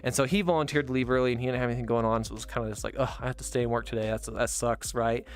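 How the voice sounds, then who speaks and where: A young man hosting a casual podcast, telling a long story in a rambling way, with many fillers and restarts, and growing animated as he goes. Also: medium pitch, rapid-fire, clean tone. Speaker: podcast host.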